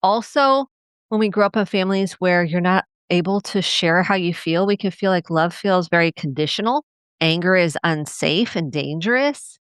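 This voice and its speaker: This middle-aged family therapist hosts her solo podcast at a normal speed, her voice smooth and free of echo in studio-quality sound. Earnest and reflective, she discusses family life and imitates parents in a raised voice when quoting them.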